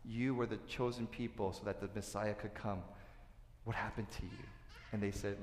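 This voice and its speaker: A man preaching a sermon, acting out quoted voices and swinging from loud outbursts to hushed lines. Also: lowish voice, steady tone, normal speed, a little hiss or hum. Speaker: pastor. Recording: echoey hall.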